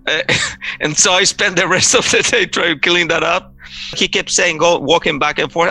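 Gravelly man recounting his story. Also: a little high, fairly even intonation, sharp tone, soft background music. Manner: halting, restarts, acts out quoted voices. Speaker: interviewee telling his story. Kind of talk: personal testimony, casual storytelling.

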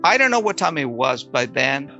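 A man telling his personal faith testimony, emotional and halting, often restarting his words. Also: mid-range voice, sing-song, gravelly, muffled recording, music in the background.

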